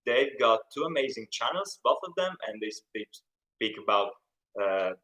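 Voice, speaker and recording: Hosting a live stream Q&A on his YouTube channel, a young man from Italy chats in a rambling way with an Italian accent and reads chat comments aloud. He has a mid-range, sharp-toned voice with big pitch swings at normal speed, captured in low-quality audio.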